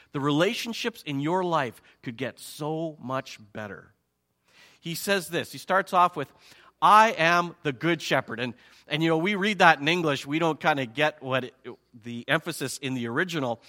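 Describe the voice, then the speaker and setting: A male pastor preaching a sermon in an animated way, acting out his listeners' reactions. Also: on the high side.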